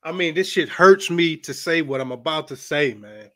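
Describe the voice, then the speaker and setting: A man's voice: a little high, animated, normal speed. A man hosting a boxing commentary vlog, talking bluntly and profanely in a heated rant.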